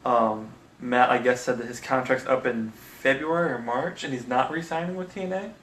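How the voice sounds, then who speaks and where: A man co-hosting a casual chat, halting and repeating words as he searches for them. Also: mid-range voice, a bit bright. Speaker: podcast co-host. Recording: echoey room, faint noise.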